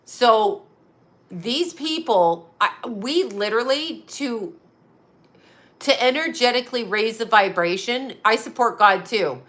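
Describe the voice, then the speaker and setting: A woman's voice: a little high, animated, slow, a bit bright. A woman hosting a psychic livestream, chatting casually and bluntly with viewers, rambling and often laughing. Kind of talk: casual live chat reading viewer comments.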